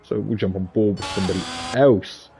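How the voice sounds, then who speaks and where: A man with a Scouse accent commentating a sim racing league, excitable and jokey. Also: brisk, vocal fry, over music. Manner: excitable and jokey, pitch leaping on big moments. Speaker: race commentator.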